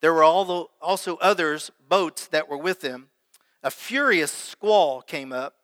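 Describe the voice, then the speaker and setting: A man's voice: on the high side, measured pace, fairly bright tone, dry recording, long reverb tail. A man preaching a sermon as pastor, reading scripture aloud and calling out questions to his congregation. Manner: preaches with prayer and call-and-response to the congregation.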